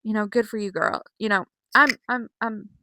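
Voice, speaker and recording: A woman's voice: mid-range voice, fairly even intonation, normal speed, pushed and bright, no echo, rough recording. A young woman giving a casual, chatty wrestling recap at home, laughing and acting out quotes. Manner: chatty, giggly, acts out quotes. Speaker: vlogger.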